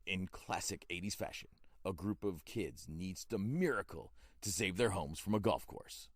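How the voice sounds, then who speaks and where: A man's voice: sits low, lively intonation, moderate pace, no room sound, studio quality. A middle-aged man co-hosting a podcast, chatting about a movie in a teasing, playful way, now and then putting on silly voices. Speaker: podcast co-host. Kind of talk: casual movie review chat.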